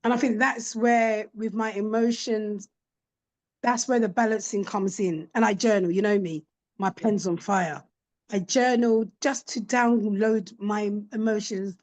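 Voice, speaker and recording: A middle-aged woman, a podcast guest, telling candid personal stories in an animated way and acting out what her children said. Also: medium pitch, unhurried. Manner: animated, acts out quoted voices of her children. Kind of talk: candid conversational storytelling.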